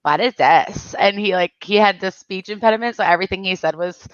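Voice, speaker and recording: A woman's voice: mid-range voice, fairly even intonation, fast talker, smooth, no echo, lo-fi sound. A woman in her forties from Michigan, hosting a casual chat and telling stories, laughing often as she talks. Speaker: channel host.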